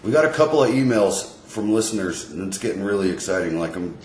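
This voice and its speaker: A man's voice: deep voice, expressive, fast, darkish tone, reverberant, a little hiss or hum. A man co-hosting a podcast, chatting casually and telling stories with friends. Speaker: podcast co-host. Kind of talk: casual chat.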